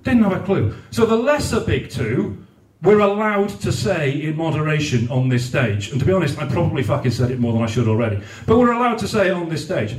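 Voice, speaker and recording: Animated and fairly quick, barely pausing, a man with a highish, darkish voice does crude, profane stand-up at a comedy night, mimicking people's raised voices. The venue hall echoes, and the mic is far away.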